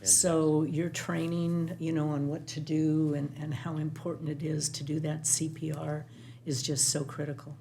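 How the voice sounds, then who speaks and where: A council member chimes in with conversational remarks in a fairly flat tone. Faint background noise runs under the voice. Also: mid-range voice, measured pace, creaky.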